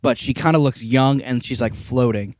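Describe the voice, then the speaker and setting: A young man co-hosting a podcast, talking in a relaxed, playful way and laughing often. His voice sits at an ordinary middle pitch. It is recorded close and dry, with no room sound. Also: moderate pace, no room sound. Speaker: podcast co-host. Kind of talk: casual chat.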